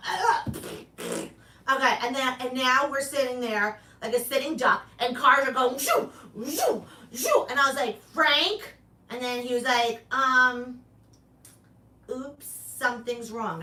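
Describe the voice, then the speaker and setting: Vlogging woman, bright voice, animated storyteller doing the voices herself, recorded a bit off-mic in an echoey room. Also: a little high, far from the mic. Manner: animated, acts out both sides of conversations, sound effects. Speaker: comedian vlogger. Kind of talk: casual storytelling monologue. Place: apartment room.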